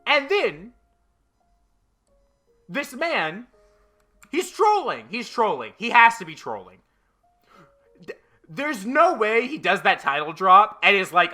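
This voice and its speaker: A man's voice: sits high, big pitch swings, measured pace, pushed and bright, soft background music. A young man casually reviewing manga chapters, swearing a lot and talking with frequent fillers and an exasperated edge. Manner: profane, exasperated, lots of fillers.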